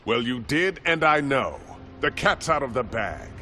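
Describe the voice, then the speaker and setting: An actor voicing a menacing, contemptuous aristocratic man in a game, with a gravelly, sneering delivery. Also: medium pitch, animated, a little slow, over music, close to an everyday voice.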